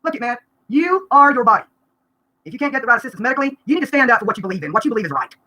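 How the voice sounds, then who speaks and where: A woman, venting bluntly and rapidly during a live-stream vlog, breaking into laughter now and then. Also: a little high, lively intonation, pushed and bright. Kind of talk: rambling live-stream rant.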